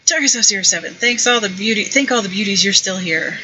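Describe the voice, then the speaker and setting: A woman voicing an excitable lab technician in a storybook game, talking in an eager, hurried way. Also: medium pitch, noisy background, natural voice.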